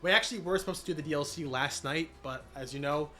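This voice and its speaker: A man streaming live, recapping his channel's year in a casual, energetic way with many fillers and shout-outs, voice cracking after being sick. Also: a little high, fast, faint music behind. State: recovering from illness, voice cracking.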